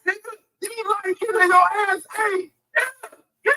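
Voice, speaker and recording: A man's voice: very high voice, normal speed, sharp tone, low-quality recording. A man in a played clip trash-talking crudely, taunting and mocking. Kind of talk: casual trash-talk clip.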